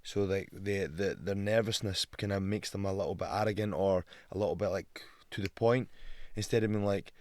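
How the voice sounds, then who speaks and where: A Scottish man in his thirties, a guest on a podcast, telling lively stories in casual chat, swearing freely and acting out the voices of people he meets. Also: sits low, brisk, hardly any pauses, no echo. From Scotland. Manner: animated storyteller, swears a lot, acts out quotes. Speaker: guest, pro fighter.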